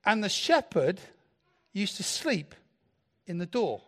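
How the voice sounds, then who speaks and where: Playful high-voiced man preaching a sermon. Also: slow pace, long pauses. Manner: playful, animated, jokes with the congregation.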